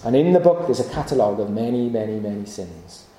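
A male preacher delivers an evening sermon, pleading with his hearers through repeated rhetorical questions. His voice is very dark and mellow. The sound carries the ring of an echoey hall. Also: lowish voice, lively intonation, quick pace, slight background noise. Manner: earnest, pleading rhetorical questions with many repetitions.

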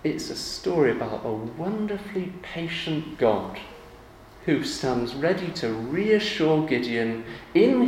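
A man in his forties preaching a sermon in a relaxed, conversational way, turning animated when he acts out everyday examples. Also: medium pitch. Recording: echoey room with faint ambient noise.

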